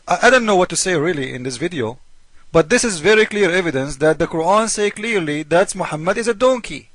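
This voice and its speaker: Guy lecturing on video, repeats himself a lot, highish voice, dry close mic. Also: fairly bright tone, dry recording. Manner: emphatic, repetitive, lecturing. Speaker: video host. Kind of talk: argumentative video monologue.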